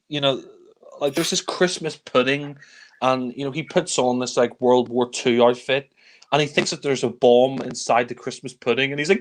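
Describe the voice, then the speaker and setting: A man reviewing films in a casual chat, exasperated and swearing freely, sometimes mimicking characters with shouts. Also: medium pitch. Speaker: film reviewer. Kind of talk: casual film discussion.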